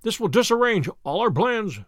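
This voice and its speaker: A man's voice: high voice, very animated, moderate pace, dry recording, clean studio sound, voice pushed up. A man playing a flustered small bearded man. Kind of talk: audiobook character reading.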